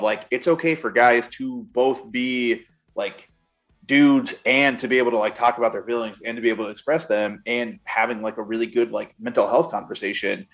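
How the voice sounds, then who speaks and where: A man hosting a podcast, chatting loosely with lots of fillers. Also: fairly low pitch. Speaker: podcast host. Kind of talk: casual interview chat.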